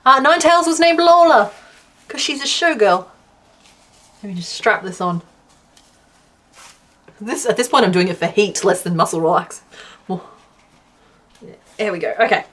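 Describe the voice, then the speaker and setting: A woman chatting casually to her stream from home while she crochets, laughing often and counting stitches out loud. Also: medium pitch, expressive, moderate pace, pauses often. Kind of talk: casual livestream chat.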